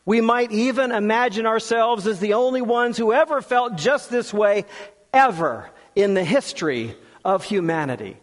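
A man preaching a sermon, earnest and deliberate, often sinking to a soft, low voice on key words. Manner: slow, earnest, with long pauses and drops to a soft low voice. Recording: long hall reverb.

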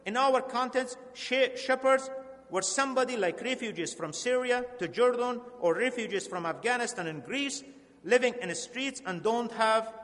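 Earnest high-voiced preacher in a hall. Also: male voice, fairly bright tone. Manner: earnest, slow and emphatic, with halting restarts. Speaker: pastor. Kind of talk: sermon. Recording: long hall reverb.

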